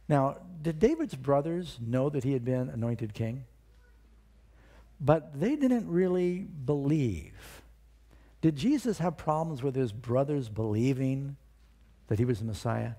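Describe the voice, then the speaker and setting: A male pastor preaching a sermon, retelling a story with lively storytelling and questions for the congregation. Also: medium pitch, unhurried.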